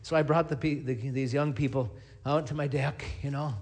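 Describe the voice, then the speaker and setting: A middle-aged man, a pastor, preaching a sermon and telling stories in a lively, animated way. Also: medium pitch, moderate pace. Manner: storytelling, animated, acts out scenes.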